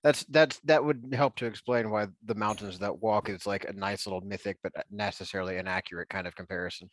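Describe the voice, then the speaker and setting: A man's voice: fairly low pitch, fairly even intonation, brisk. A man playing in a tabletop game, talking hesitantly with many restarts. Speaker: player. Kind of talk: casual chat at a tabletop game.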